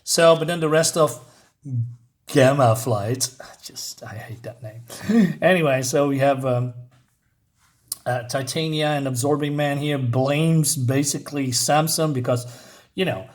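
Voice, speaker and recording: A man's voice: fairly high pitch, measured pace, long pauses. A man casually reviewing a comic book issue, rambling and hesitant with lots of fillers.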